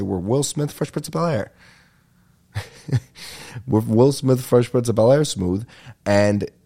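A young man hosting a comedy podcast, telling rambling, animated stories with a lot of swearing. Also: lowish voice. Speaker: podcast host. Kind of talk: comedic rant.

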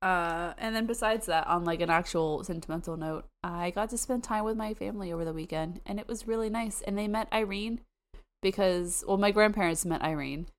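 A young woman from the United States co-hosting a podcast, chatting casually and excitedly with quick asides and frequent laughs. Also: mid-range voice. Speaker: podcast co-host. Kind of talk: casual chat.

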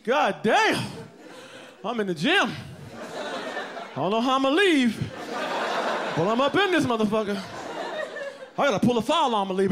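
A man performing a stand-up comedy set, telling stories loudly with profanity and bursts of shouting. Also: extremely high pitch. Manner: loud, profane, animated storytelling with shouts. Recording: live club with audience laughter and noise.

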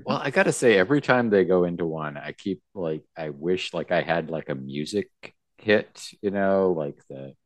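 A man co-hosting a podcast in a casual chat, relaxed and rambling, with many likes. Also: low-pitched, normal speed, few pauses, no echo. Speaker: podcast co-host.

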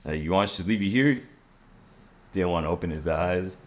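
A young man hosting a casual podcast, telling a story in a laid-back, profane and lively way. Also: low-pitched, brisk, a little hiss or hum. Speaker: podcast host.

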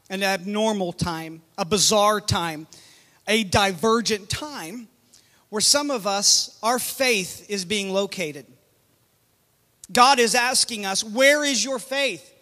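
A middle-aged man delivers a sermon in a strikingly high, bright voice. He keeps it conversational and lively, tossing questions to the congregation, and a long church reverb trails his words. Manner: lively, conversational preaching with audience call-outs. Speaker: guest preacher. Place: church sanctuary.

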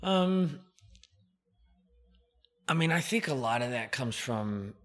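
Pria 50-an bersuara cerah dan tajam. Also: male voice, medium pitch, animated, slow, fairly bright tone. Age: 50s. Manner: humble, rambling, many fillers. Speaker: podcast guest, company founder. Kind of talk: casual interview chat.

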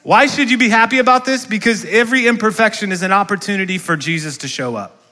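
In a church sanctuary, a male pastor preaches a sermon, asking the congregation questions and calling for responses. His high voice comes out fast, pushed, and bright.

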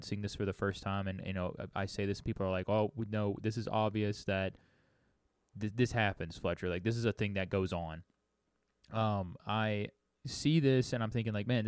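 Male co-host, lowish voice, dry close mic, opinionated musing talk. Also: darkish tone, clear, resonant tone, no echo. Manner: opinionated, musing, lots of restarts. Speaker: podcast co-host. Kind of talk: casual recap chat.

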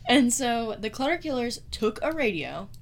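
Her voice sits on the higher side and swings widely in pitch, moving at an ordinary speed. She's the host of a casual true-crime podcast, profane throughout, making fun of the killer and laughing often.

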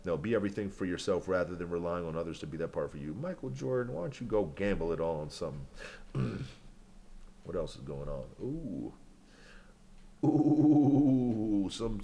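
A man's voice: deep voice, expressive, brisk, vocal fry, darkish tone, slight background noise. A man hosting a podcast alone, rambling and joking with lots of swearing, then freestyle rapping. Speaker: podcast host. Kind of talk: casual solo commentary and freestyle rap.

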